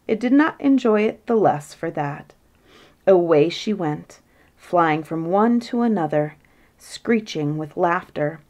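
A woman reading a bedtime fairy tale aloud with a gently expressive delivery and a voice a little lower than most women's. She stretches key phrases slowly for effect. The telling is calm and storybook-like.

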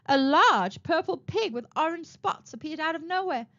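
Woman reading a children's book, high and lively voice, expressive storyteller. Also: moderate pace, dull audio. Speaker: storytime reader. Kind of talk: children's read-aloud narration.

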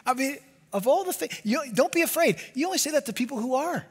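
A man preaching a sermon as pastor, animated and often dropping to a hushed low voice for emphasis. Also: fast talker.

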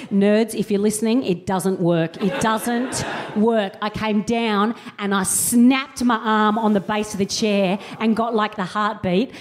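A woman's voice: mid-range voice, steady tone, measured pace, slight background noise. A woman telling a self-mocking comic story on stage, acting out the voices of the people in it. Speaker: co-host comedian. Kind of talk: live stand-up storytelling. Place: live venue with audience.

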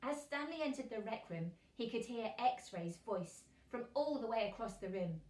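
A woman teacher reading a children's novel aloud, with lively, expressive delivery. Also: fairly high pitch, normal speed, few pauses, roomy sound. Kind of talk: storybook read-aloud for children.

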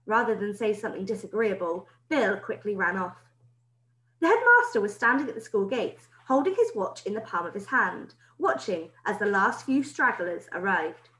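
A woman teacher reading a children's book aloud in an expressive storytelling way. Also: mid-range voice, moderate pace. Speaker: primary school teacher. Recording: roomy echo.

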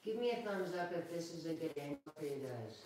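A woman dog groomer giving a chatty, calm live grooming demonstration, talking now and then to the dog. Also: deep voice, quick pace, recorded from a distance, background noise. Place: grooming room, indoors. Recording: echoey room, away from the mic.

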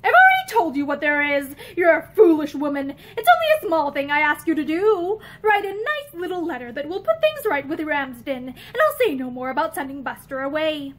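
A woman's voice: high voice, very animated, moderate pace, few pauses. A woman reading the part of a curt, domineering husband, speaking in clipped, commanding lines as she reads a novel aloud. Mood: stern.

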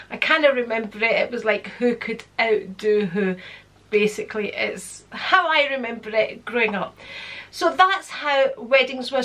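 A woman's voice: fairly high pitch, pushed and bright. A woman, telling a long personal story in a chatty, rambling way full of fillers. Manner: chatty, digressive, with frequent fillers. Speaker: vlogger. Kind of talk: casual storytelling.

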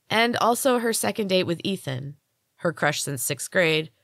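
A woman reads her own story aloud in a calm, measured narration. Her voice sits low. The recording is dry and close, with no room echo. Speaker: podcast host reading her own fiction. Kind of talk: audiobook-style story narration.

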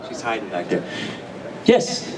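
A man's voice: on the low side, wildly swooping pitch, a little slow, very noisy. A man answering fan questions on a convention panel, laughing often and swearing freely as he tells stories. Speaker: voice actor guest at a convention panel. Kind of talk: casual convention Q&A, profane and joking. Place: large convention hall with audience. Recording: distant mic in crowded hall.

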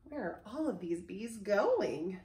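A woman music teacher leading a children's lesson from home. She reads a story aloud and asks the children gentle questions. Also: mid-range voice, big pitch swings, takes it slowly, roomy sound.

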